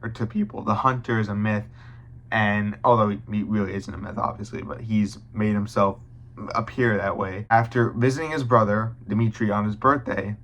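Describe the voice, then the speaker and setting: A young man talks through a film review in a casual, offhand way, swearing freely and stopping to restart his thoughts. His voice sits fairly low but comes across bright and forceful. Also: steady tone, normal speed, muffled recording. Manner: blunt and profane, with frequent restarts.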